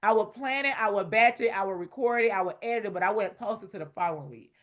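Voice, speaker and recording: A woman coaches a class on selling online. She talks loud and playful, full of slang, as if chatting with friends. Her voice sits in a middle pitch. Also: fast talker. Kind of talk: teaching a masterclass.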